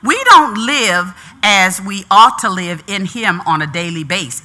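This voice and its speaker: A woman preaching a sermon. Her voice is very bright and ringing, and her pitch swings widely. She repeats phrases with rising emphasis and calls to the congregation for answers. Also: expressive, a little slow, hardly any pauses.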